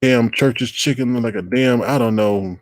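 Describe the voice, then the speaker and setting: A man in his thirties rants on his own livestream, swearing freely and calling out his viewers directly. His voice sits at a middle pitch. The sound is close and dry, with no room echo. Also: normal speed. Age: 30s. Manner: blunt, profane, talks straight to chat viewers. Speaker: livestream host. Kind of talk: casual livestream rant.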